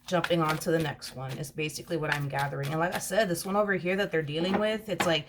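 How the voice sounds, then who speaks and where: A woman's voice: low-pitched, steady tone, quick pace, hardly any pauses, noisy background. Chatty, emphatic tarot-reading woman. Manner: chatty and emphatic, repeats herself, calls the listener honey. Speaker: tarot reader. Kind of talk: casual tarot reading to camera.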